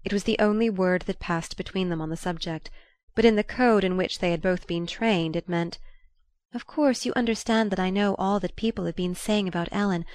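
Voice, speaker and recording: A woman reading a novel aloud as an audiobook narrator, in a measured, even manner. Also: medium pitch, no echo.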